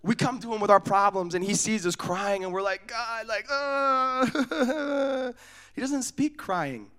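A young man from Oregon preaching in a casual, storytelling way, animated and acting out the voices in his stories. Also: high voice, normal speed. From United States, Oregon. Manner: casual, often asks "you know what I'm saying?". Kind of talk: storytelling sermon.

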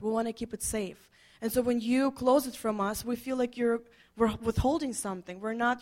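A woman pastor giving earnest marriage advice, telling a personal story with many restarts. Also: a little high. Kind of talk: marriage teaching talk with a co-host.

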